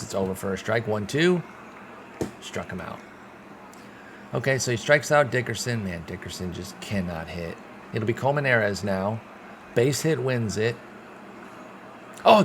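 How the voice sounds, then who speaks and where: Doing play-by-play on his own baseball sim game, a young streamer with a gravelly, fairly low voice veers from sulky, muttered frustration to loud bursts of excitement. He swears as he goes, and a steady wash of background noise runs beneath him.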